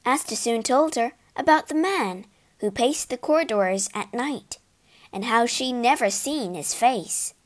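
A woman reading a fairy tale aloud slowly and expressively, giving the characters voices. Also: a little high, animated. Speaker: storyteller. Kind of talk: scripted narration of a fairy tale.

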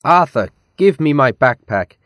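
A man's voice: medium pitch, animated, measured pace, fairly bright tone, no room sound, pitched above the performer's own voice. A man voicing a bossy, stubborn little girl in a read-aloud children's story, raising his voice to sound small and insistent. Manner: pleading, insistent.

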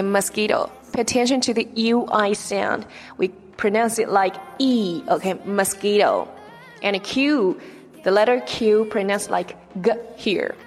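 A woman's voice: medium pitch, long reverb tail. A woman teaching English vocabulary, repeating each word and checking in with "okay?" after nearly every point. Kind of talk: vocabulary lesson.

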